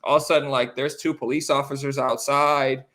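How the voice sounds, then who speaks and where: Bright-voiced American man telling stories. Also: mid-range voice, a little fast. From United States. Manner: animated, rambling anecdotes with many fillers. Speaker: interview guest, professional basketball player. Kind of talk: casual storytelling.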